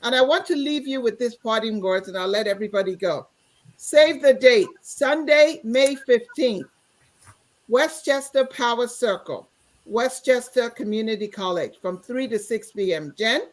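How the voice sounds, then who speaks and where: Casting: woman radio guest, slightly high pitch, brisk and direct. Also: rough recording. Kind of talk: casual radio talk.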